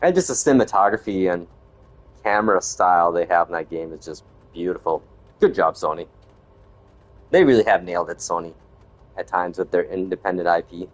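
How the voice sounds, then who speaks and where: This gaming channel host is a middle-aged man with a deep voice who talks a little fast over faint background music. He rambles casually as he plays a video game, laid-back and tossing in "man" and "yo" along the way.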